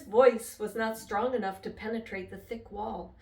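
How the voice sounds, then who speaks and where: An older woman reading a children's chapter book aloud with expressive, lively storytelling. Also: medium pitch, normal speed, vocal fry, few pauses. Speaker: storybook reader. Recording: echoey room, voice from a distance.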